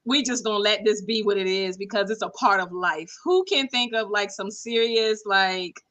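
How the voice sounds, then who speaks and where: A woman hosting a casual panel podcast, talking in a lively, conversational way. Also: medium pitch, moderate pace. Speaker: podcast host.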